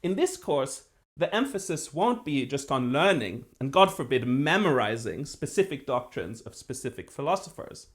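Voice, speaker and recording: A man giving a university philosophy lecture as the professor, precise and lively, with dry self-deprecating humor. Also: mid-range voice, moderate pace. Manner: acts out voices when telling a joke.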